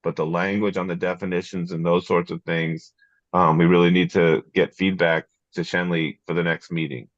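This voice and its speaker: A very deep, gravelly man leads a town planning meeting, restarting his sentences often. The sound is dull and dry, like a plain meeting-room recording. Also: level tone, no room sound. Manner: halting, repeats words. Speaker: board chair running a meeting. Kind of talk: casual meeting discussion.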